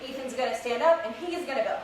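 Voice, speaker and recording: With a high voice and a quick pace, a young woman runs a live kids' workout class, offering upbeat, encouraging coaching while slightly short of breath. She's outdoors in an open space, and the audio is echoey and distant with noise in the background.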